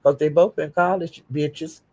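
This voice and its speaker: Older woman streamer, husky and gravelly, dark tone, profane defiant rant. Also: sits low, steady tone, unhurried. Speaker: YouTube streamer. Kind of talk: livestream rant.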